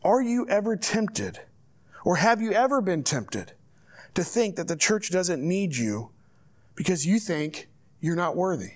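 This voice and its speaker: Guy pastor w/ a high voice, preaching earnest and direct to his church. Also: sing-song, a little slow. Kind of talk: sermon.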